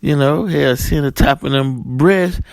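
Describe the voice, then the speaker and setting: A man's voice: medium pitch, a little slow, gravelly, no echo, pitched above the performer's own voice. A man voicing a brash, crude male coworker who flirts and then is baffled when called out. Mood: cocky.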